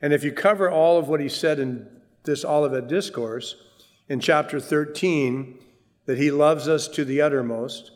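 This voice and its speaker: A man preaching a sermon, earnest, lifting his voice for emphasis and dropping low for wry asides. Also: normal speed, big-room sound. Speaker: pastor.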